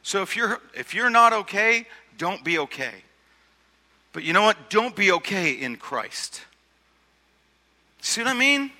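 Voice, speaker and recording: A man's voice: high-pitched, very animated, measured pace, long pauses, bright, forceful tone. A male pastor preaching a sermon in a conversational way, asking rhetorical questions and often repeating his words. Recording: long hall reverb.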